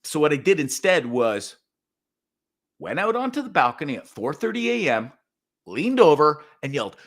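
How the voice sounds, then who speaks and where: A man hosting his own show, telling a story in a profane, animated rant with sudden loud outbursts. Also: fairly high pitch, normal speed. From Canada. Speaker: podcast host. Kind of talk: casual ranting monologue.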